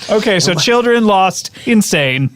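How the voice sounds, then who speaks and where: A man's voice: sits high, animated, unhurried. A man hosting an improv comedy podcast, asking dry, probing questions and laughing often. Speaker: podcast host.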